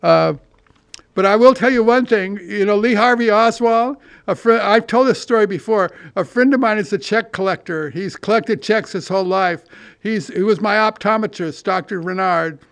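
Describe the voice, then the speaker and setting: A man's voice: high-pitched, normal speed, vocal fry, fairly bright tone, smooth, no echo. A man in his eighties from California hosting a podcast, telling meandering, self-deprecating stories with frequent restarts and the odd curse. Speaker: podcast host. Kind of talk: rambling monologue.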